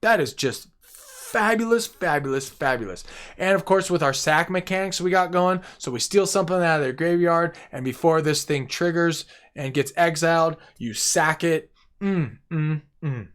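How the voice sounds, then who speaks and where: Playful man with a higher voice. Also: normal speed, fairly bright tone, clear, resonant tone. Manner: playful, gleeful, repeats words for effect. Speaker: card game deck reviewer. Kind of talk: casual deck walkthrough.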